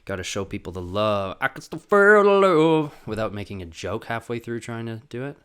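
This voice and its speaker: A man's voice: medium pitch, big pitch swings, normal speed, fairly bright tone, smooth. A man hosting a solo podcast, rambling in a profane, jokey way. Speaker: podcast host. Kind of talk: casual solo podcast monologue.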